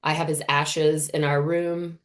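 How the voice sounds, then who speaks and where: A woman in her thirties tells a deeply personal story as a podcast guest, her voice sitting a little low. She speaks earnestly and with animation, often slipping into the voices of the people she describes. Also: level tone, measured pace.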